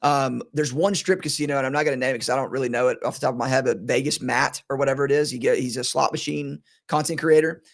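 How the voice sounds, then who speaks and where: A man's voice: mid-range voice, steady tone, fast, gravelly, hardly any pauses. A man hosting a sports betting podcast in casual chat, rambling and laughing often, his voice strained today.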